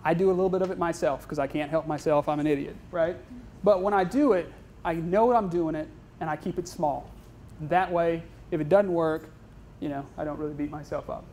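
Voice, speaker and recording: A man's voice: a little high, fairly quick, a little mellow, slight background noise. Chatty man giving a casual lecture. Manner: conversational, tags points with "right?" and "okay?"; self-deprecating, joking asides. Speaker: guest speaker on investing. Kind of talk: informal university lecture.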